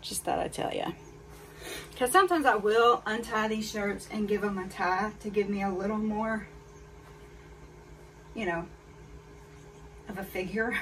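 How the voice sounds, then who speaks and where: A woman's voice: mid-range voice, fairly bright tone. A woman chatting candidly to her viewers during a clothing try-on haul. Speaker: fashion haul vlogger. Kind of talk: casual try-on haul chat. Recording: voice a bit far from mic, faint background noise.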